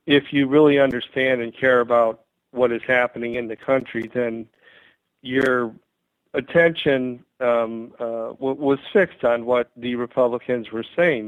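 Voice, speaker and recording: A man calling in as a guest commentator, giving measured political views with frequent hesitations. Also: mid-range voice, dry recording. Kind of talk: political commentary on a call-in interview. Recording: dry, tinny phone line.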